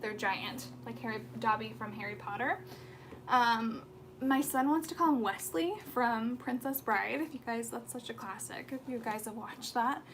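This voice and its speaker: A woman's voice: on the high side, normal speed, noisy background. A woman in her thirties from the United States, hosting a casual skincare livestream from home, chatting in a rambling way with lots of fillers and restarts. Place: home room with pets.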